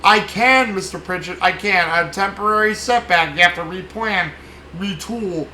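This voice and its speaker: A man's voice: sits high, normal speed, pushed and bright, roomy sound, a little hiss or hum, poor audio. A man doing a cold creepy villain. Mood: cold calm. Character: cold creepy male villain, unbothered by killing.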